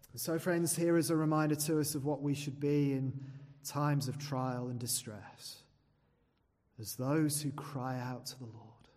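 A man's voice: fairly high pitch, measured pace. Earnest man preaching in a reverberant hall. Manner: earnest, asks the listeners rhetorical questions; swings between soft, dropped phrases and loud, emphatic ones. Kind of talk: sermon. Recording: long reverb of a large hall.

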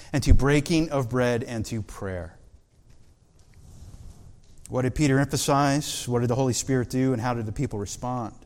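A man's voice: mid-range voice, darkish tone, big-room sound. A man preaching a sermon, putting rhetorical questions to the congregation.

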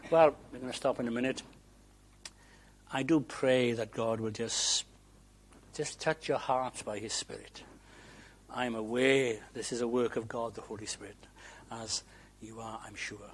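A man preaching a sermon, earnest and imploring, moving between hushed soft passages and loud, fervent appeals. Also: mid-range voice, steady tone, unhurried, long pauses, slight background noise.

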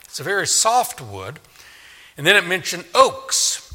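Bright-voiced preacher in a reverberant hall. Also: male voice, high-pitched, wildly swooping pitch, measured pace. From New Orleans, Louisiana. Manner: emphatic, swings between loud stresses and quiet asides. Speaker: pastor. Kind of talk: sermon.

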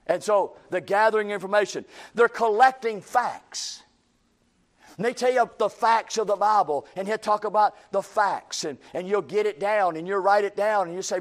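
A man's voice: high voice, lively intonation, moderate pace. A man preaching a sermon in a folksy, emphatic way, repeating phrases and quoting imagined critics.

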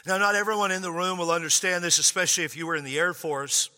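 Pastor guy preaching, high and very bright voice, joking around, big echo in the church hall. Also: fast. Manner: animated and joking, stretching key words out. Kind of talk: sermon.

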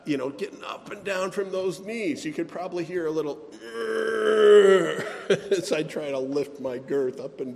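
A man's voice: medium pitch, darkish tone. Earnest male pastor preaching in a reverberant hall. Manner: earnest, emphatic preaching with sighs and self-deprecating asides. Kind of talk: sermon.

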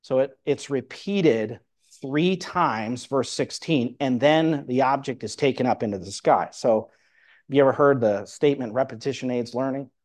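A man's voice: mid-range voice, moderate pace, a little mellow. Man teaching a Bible passage. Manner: explanatory, reads verses aloud. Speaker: preacher.

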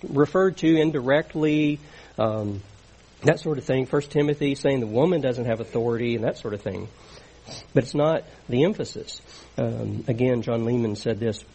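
A man's voice: a little high, darkish tone, slightly rough, low-quality recording. A middle-aged man preaching a sermon in an earnest, conversational teaching manner.

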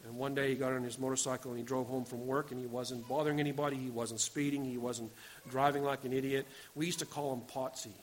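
A man in his forties preaching a sermon, earnest, moving between loud urging and quiet storytelling. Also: medium pitch, slight background noise. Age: 40s. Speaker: pastor.

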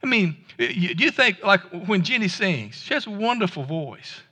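A man's voice: sits high, very animated, moderate pace, sharp tone, big-room sound. A man preaching a sermon in a folksy, conversational way, often stumbling and restarting his sentences. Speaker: pastor. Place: church sanctuary.

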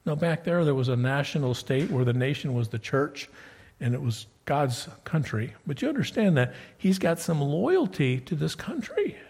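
Husky-voiced male preacher telling a Bible story. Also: a little high, very animated, normal speed, in a large hall. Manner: conversational storytelling, rises to loud emphatic peaks when reading scripture. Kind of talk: sermon.

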